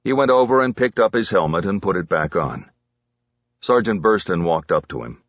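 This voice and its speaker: A man reading a crime novel aloud as an audiobook narrator, measured and dramatic. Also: deep voice, animated, no echo, lo-fi sound.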